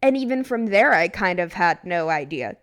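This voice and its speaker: A woman's voice: fairly low pitch, expressive, normal speed, fairly bright tone. A woman chatting as a podcast guest, telling her story by acting out things she and her friend said. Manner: chatty, acts out her own past remarks in quotes. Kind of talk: casual chat.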